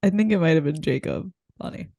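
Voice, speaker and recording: A woman voicing a deadpan female assistant who gives dry, terse replies in an improvised comedy podcast. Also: on the low side, quick pace, vocal fry, dull audio, pitched below the performer's own voice.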